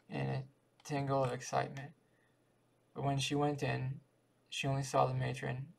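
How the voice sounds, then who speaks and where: A man reading a short story aloud in a steady, even way. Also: medium pitch, poor audio. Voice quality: gravelly. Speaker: audiobook reader.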